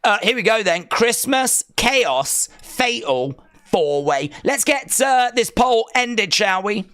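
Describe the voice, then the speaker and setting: A man's voice: high voice, very animated, takes it slowly, fairly bright tone, clean tone. An English man with an English accent, hosting a wrestling watch-along live stream and chatting casually in a rambling, joking way. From England.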